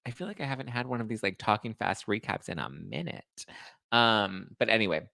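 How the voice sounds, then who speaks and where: Live-stream host, male, chatty and shady, quick riffing delivery, dry close-mic sound. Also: fairly low pitch, vocal fry, pushed and bright, dry recording. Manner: fast, chatty, sassy, throws shade. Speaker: podcast host recapping reality TV. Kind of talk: live stream recap, casual chat.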